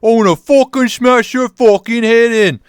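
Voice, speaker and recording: A man's voice: very high voice, moderate pace, smooth, no room sound, pitched above the performer's own voice. A man putting on a rowdy, swearing British bloke with a British accent. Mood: aggressive.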